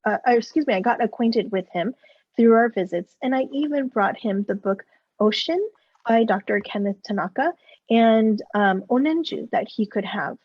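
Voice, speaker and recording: Woman, Buddhist minister, personal dharma talk, earnest, reflective, candid, fairly high voice, muffled lo-fi sound. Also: expressive, moderate pace, slightly rough, dry recording. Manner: earnest, reflective, candid about her own feelings.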